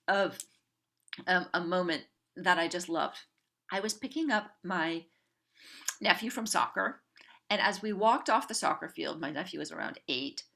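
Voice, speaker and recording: Bright-voiced woman telling a story. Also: lowish voice, creaky. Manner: animated, acts out quoted family members. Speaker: parenting coach. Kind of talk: storytelling talk to a group.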